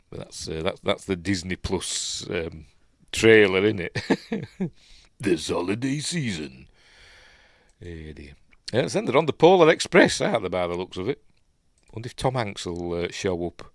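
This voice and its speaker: A Yorkshire man with a fairly low voice hosts a live news stream, recorded with studio quality and no echo. His casual commentary rambles, he's opinionated, and he mutters asides as he goes.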